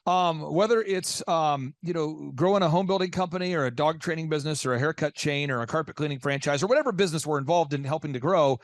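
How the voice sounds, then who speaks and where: A man hosting a business interview show, asking pointed questions in an energetic, teasing, emphatic way. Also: on the high side, quick pace, hardly any pauses, dry recording, clean studio sound. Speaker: business podcast host.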